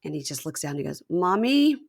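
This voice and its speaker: A woman podcast host chatting casually, acting out quotes from a reality show. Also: normal speed. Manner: animated, acts out quotes with raised pitch.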